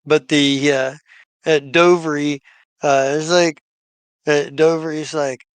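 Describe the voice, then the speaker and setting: A man narrating as game master in a live tabletop game, halting, with many "uh" and "like" fillers. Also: a little high, steady tone, clear, resonant tone, no room sound. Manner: halting, full of "uh" and "like".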